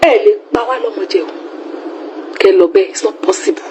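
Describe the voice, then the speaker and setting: A woman's voice: mid-range voice, quick pace, noisy background. A woman with a Nigerian accent speaking emphatically in an interview clip, mixing Yoruba and English. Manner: switches between Yoruba and English, emphatic and animated. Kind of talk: impassioned accusation.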